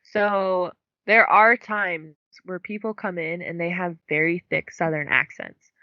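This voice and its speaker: A woman's voice: on the low side, steady tone, measured pace, dry recording, dull audio. A young woman co-hosting a book podcast, chatting casually and filling her talk with "like". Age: young adult. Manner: chatty, many "like" fillers. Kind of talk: casual chat.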